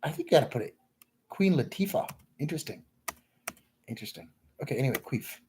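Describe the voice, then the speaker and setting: A man rambling in crude off-the-cuff commentary, mumbling and trailing off into low asides. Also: expressive, quick pace, warm tone, slight background noise. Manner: crude, rambling, self-interrupting.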